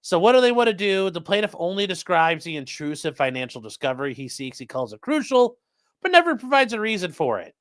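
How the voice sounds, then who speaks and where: A man's voice: high voice, sing-song, fairly quick, a bit bright. A man hosting a livestream, commenting on court filings in a mocking, profane way. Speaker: livestream host. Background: live chat stream.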